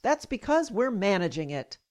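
Dismissive middle-aged male doctor, flat and curt, read by a woman. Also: mid-range voice, normal speed, close to an everyday voice.

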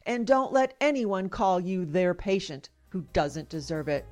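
A woman's voice: fairly low pitch, lively intonation, unhurried, hardly any pauses, darkish tone, faint music behind. Middle-aged female radio host, scripted first-person commentary, indignant and emphatic delivery.

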